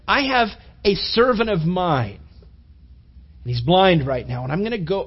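High-voiced animated male preacher. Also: slightly rough, lo-fi sound. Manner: animated storytelling, acting out quoted voices, repeated restarts. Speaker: pastor. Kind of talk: sermon.

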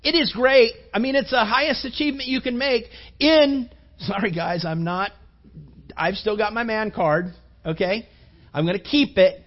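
A male preacher with a notably high voice speaks to a room of young men, rambling through stories with fillers and questions thrown at the crowd. The sound is dull and lo-fi, like an older recording. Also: normal speed. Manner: rambling, chatty, many fillers and rhetorical questions.

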